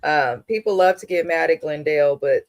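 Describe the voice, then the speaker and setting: A woman's voice: deep voice, normal speed, a little mellow, dry recording. A woman co-hosting a reality TV recap who talks in a blunt, opinionated way and swears freely. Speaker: podcast co-host. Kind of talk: casual reality TV recap commentary.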